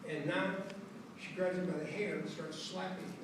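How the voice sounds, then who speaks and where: An older man tells stories from his life to an audience, acting out each character and slipping in Spanish phrases. His voice sits fairly high for a man. He is recorded from far off in a very echoey hall, with clear background noise. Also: moderate pace. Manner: animated storyteller, acts out voices and mixes in Spanish phrases. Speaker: author giving a lecture. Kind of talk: storytelling lecture. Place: lecture hall.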